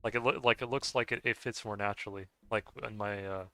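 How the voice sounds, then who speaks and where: A man from the United States, a gaming streamer, chatting casually while he plays, rambling and halting with many restarts and soft chuckles. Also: lowish voice, steady tone. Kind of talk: casual chat while playing a game.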